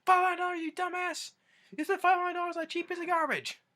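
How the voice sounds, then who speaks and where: A man doing an impression of a furious old grandpa who yells and curses. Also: very high-pitched, takes it slowly, pitched above the performer's own voice, heavily acted. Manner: yelling, cursing.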